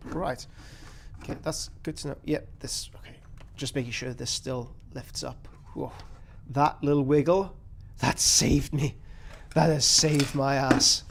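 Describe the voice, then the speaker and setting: A man's voice: fairly high pitch, creaky, slight background noise. A man hosting a casual live stream, rambling and joking at his own expense while he mutters through his work. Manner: rambling, self-deprecating, mutters to himself while working. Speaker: live stream host building miniatures.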